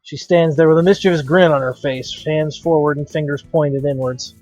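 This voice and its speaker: A man's voice: a little high, steady tone, normal speed, darkish tone, no echo, dull audio, soft background music. Man dramatically reading a visual novel. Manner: dramatic, wry narration. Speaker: let's play host.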